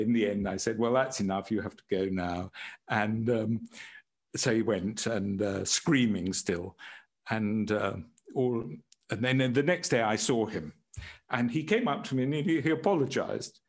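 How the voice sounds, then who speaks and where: A former prison doctor and writer, a man with a medium-pitched voice, tells stories in an interview. He speaks haltingly, restarting often and chuckling at his own anecdotes.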